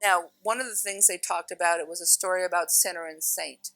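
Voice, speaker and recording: A middle-aged woman telling a personal spiritual story in an animated way, acting out voices and laughing often. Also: on the low side, brisk, no echo, soft background music, low-quality recording. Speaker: spiritual speaker.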